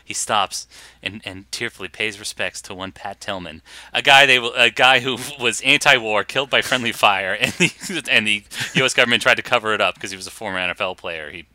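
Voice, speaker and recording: Sarcastic laughing podcast host, bright voice. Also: male voice, fairly low pitch, fairly quick, no room sound. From Boston area. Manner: laughs often, mocking and sarcastic. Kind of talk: casual chat.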